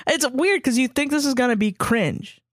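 A woman's voice: high voice, lively intonation, moderate pace, dry recording, studio quality. A woman co-hosting a podcast in casual chat, upbeat and swearing freely. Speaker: podcast co-host.

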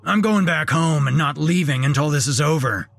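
A man's voice: fairly high pitch, normal speed, gravelly, a bit bright, dry recording, pitched above the performer's own voice. A man voicing a grumbling, stubborn bearded man in a horror audio story. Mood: grumpy. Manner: grumbling, disapproving.

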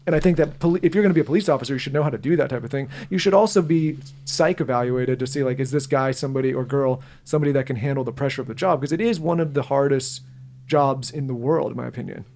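Fast-talking podcast host, mellow voice. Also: male voice, mid-range voice. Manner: rapid, offers opinions and quick questions. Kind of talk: casual interview chat.

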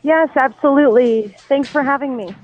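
A woman news reporter on the scene, talking in a halting way, repeating words and restarting sentences over the phone. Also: high-pitched, slight background noise. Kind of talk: live phone interview. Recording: tinny dry phone line.

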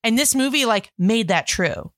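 Woman, podcast co-host, casual movie chat, bright crisp voice, dry close sound, animated. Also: a little high, normal speed, dry recording. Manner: animated, acts out quoted lines.

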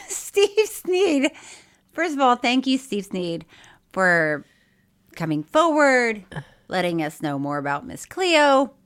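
A woman's voice: medium pitch, very animated, measured pace, fairly bright tone, clean tone. A middle-aged woman co-hosting a podcast in casual chat, laughing often and reading listener mail aloud. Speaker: podcast co-host.

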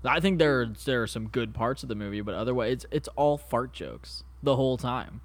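This comedy podcast co-host, a man, talks briskly and animatedly in a medium-pitched voice, recorded dry on a podcast microphone in his home apartment. The show is casual, and he rambles through jokey stories while cursing offhandedly.

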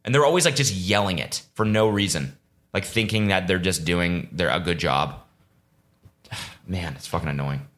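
A man's voice: deep voice, fairly even intonation, measured pace, fairly bright tone. A young man hosting a solo podcast, ranting in a profane, rambling, exasperated way and slipping into mocking voices. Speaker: podcast host. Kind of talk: casual solo podcast rant.

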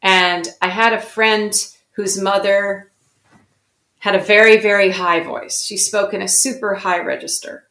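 A woman's voice: medium pitch, steady tone, unhurried, pushed and bright, reverberant. A woman being interviewed as a guest actor, telling stories in a reflective, self-correcting way. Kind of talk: interview conversation.

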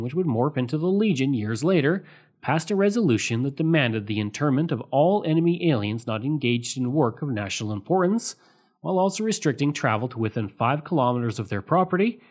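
This medium-pitched male narrator reads a scripted history podcast in a measured manner. Any quoted sources get framed out loud with "quote" at the start and "end quote" at the finish.

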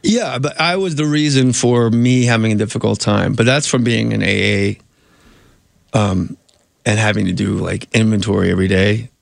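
A man's voice: lowish voice, steady tone, normal speed, vocal fry, no echo, clean studio sound. A man, a comedian and actor, telling rambling anecdotes in a casual interview, often cutting himself off.

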